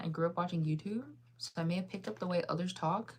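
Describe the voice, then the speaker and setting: A woman's voice: lowish voice, quick pace, hardly any pauses. A woman in her thirties with a faint Midwestern American accent, chatting casually with viewers in a rambling way, full of fillers and laughter. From United States. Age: 30s. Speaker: streamer answering viewer chat. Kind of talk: casual chat.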